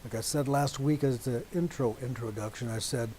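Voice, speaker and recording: A man preaching a teaching sermon to a congregation, deliberate and emphatic, stopping often to check that his listeners agree. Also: medium pitch, mellow, a little hiss or hum, low-quality recording.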